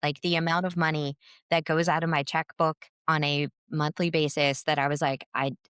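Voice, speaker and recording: A woman co-hosting a podcast in casual chat, an animated storyteller who acts out quoted voices. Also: low voice, normal speed, clean tone, no room sound, studio quality. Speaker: podcast co-host.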